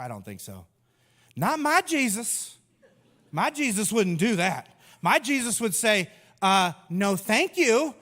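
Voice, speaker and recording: A man in his thirties delivers a sermon from the stage, breaking into playful impressions to make his point. His voice sits high, and a long reverb trails behind every phrase, as if it carries through a large hall. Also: a bit bright. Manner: humorous, acts out voices of people and Jesus. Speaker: pastor.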